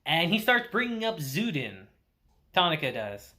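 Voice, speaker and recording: Animated man recapping an episode. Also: a little high, unhurried. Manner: animated storytelling with acted-out quotes. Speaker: anime reviewer.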